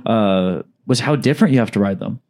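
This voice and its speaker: A man from Alaska co-hosting a casual podcast, reading listener submissions with dry jokes and some halting. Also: lowish voice, animated, a little mellow.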